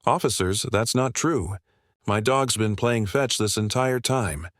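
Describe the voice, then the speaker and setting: A man voicing a calm, matter-of-fact dog owner in a narrated story. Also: fairly low pitch, unhurried, dry recording, studio quality.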